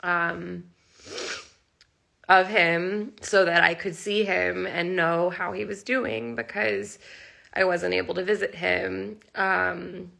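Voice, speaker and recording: Young woman vlogger near tears, very gravelly vocal fry, bright edge, rambling live phone chat. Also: lowish voice, little pitch movement, slow pace. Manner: emotional, rambling, heavy use of "like". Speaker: animal rescuer and channel host. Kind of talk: casual live-stream chat.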